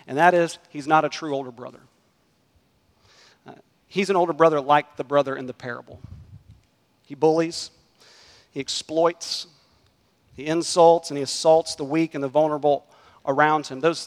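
Emphatic male pastor preaching in a hall. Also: a little high. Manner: emphatic preaching, rising and dropping in volume. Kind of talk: sermon. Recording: long hall reverb.

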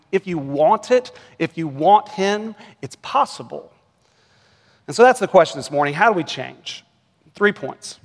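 A man, a pastor giving a conversational, earnest sermon with stories. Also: on the high side. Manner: conversational, earnest preaching with anecdotes. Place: large church sanctuary. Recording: long church reverb.

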